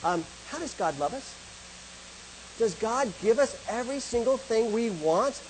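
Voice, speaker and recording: A man's voice: very high-pitched, big pitch swings, moderate pace, a little hiss or hum, poor audio. A middle-aged man giving a talk to an audience about love, asking questions and answering them himself. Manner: asks and answers rhetorical questions. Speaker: speaker on love and faith. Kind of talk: presentation to an audience.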